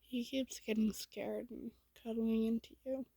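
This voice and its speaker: Soft-whispering woman, whispered role-play. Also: a little high, fairly even intonation, dry recording, rough recording. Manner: soft, hushed and slow, with small slips. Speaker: storyteller.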